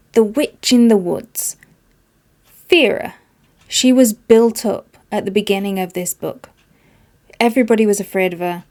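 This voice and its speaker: Woman, book reviewer, casual talk, mellow warm tone, emphatic, exasperated. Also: mid-range voice. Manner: emphatic, exasperated, repeats words for stress.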